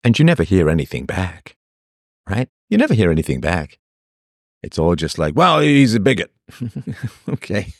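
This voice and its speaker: A man's voice: sits low, big pitch swings, normal speed, pauses often, darkish tone, no echo, clean studio sound. A man hosting a livestream, delivering an opinionated monologue to his chat in a sarcastic, mocking way. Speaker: livestream host.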